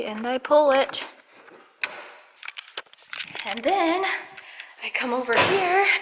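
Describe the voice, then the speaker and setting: Chatty young woman vlogging, high voice. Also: a bit bright, slight background noise, low-quality recording. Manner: rambling, chatty, many fillers. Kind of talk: casual vlog chat. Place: home and garage.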